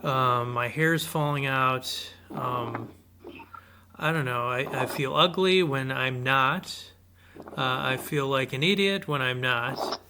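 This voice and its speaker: A man's voice: mid-range voice, slow, noisy background. A man co-hosting an advice podcast, talking hesitantly and with self-doubt in casual chat. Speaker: podcast co-host.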